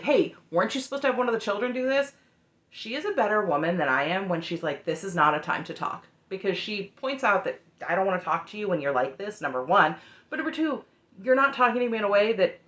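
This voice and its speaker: A woman's voice: mid-range voice, a bit bright, echoey room, lo-fi sound. A woman giving an opinionated, sarcastic recap of a reality show in a chatty, heated way. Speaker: recap host.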